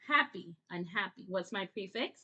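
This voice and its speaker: A woman's voice: mid-range voice, expressive, normal speed, bright, forceful tone, lo-fi sound. A woman teaching her child to read at home, patiently repeating words and asking short quiz questions. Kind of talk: home phonics lesson.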